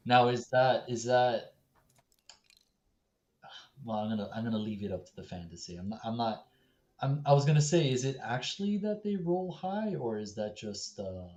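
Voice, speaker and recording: A man's voice: medium pitch, expressive, moderate pace, a little mellow. A playful man jokes around as a guest on a game stream. His voice comes through a lo-fi line that sounds dull and muffled, and it carries a roomy echo. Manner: playful and joking. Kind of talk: casual chat during a game stream.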